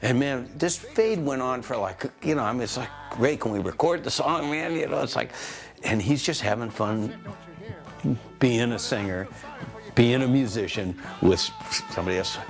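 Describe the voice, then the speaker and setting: Gravelly-voiced man telling an animated story. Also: mid-range voice, normal speed, over music. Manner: animated storyteller, full of "you know" and "man". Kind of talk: anecdotal interview.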